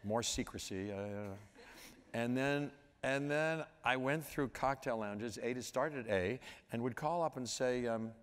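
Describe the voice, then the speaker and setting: A man in his sixties from Pittsburgh telling stories at a live onstage conversation, meandering and halting, now and then scatting a tune. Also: medium pitch, clear, resonant tone. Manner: meandering, halting, with sung scat sounds. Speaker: interview guest. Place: large auditorium. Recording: long hall reverb with audience. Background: audience.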